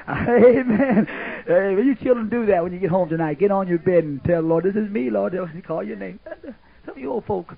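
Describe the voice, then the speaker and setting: Older preacher on old lo-fi tape. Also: male voice, fairly high pitch, vocal fry. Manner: folksy, rambling, sudden shouts and laughs. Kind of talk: sermon. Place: church camp meeting. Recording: muffled lo-fi old tape, narrow band.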